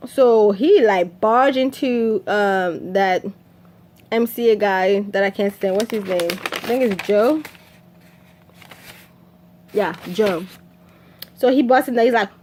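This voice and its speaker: A woman talks casually through a story, laughing often as she goes. Her pitch sits in the middle, and her telling is loose and chatty with plenty of fillers. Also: takes it slowly, pauses often, darkish tone. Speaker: vlogger recapping a movie. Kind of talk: casual chat.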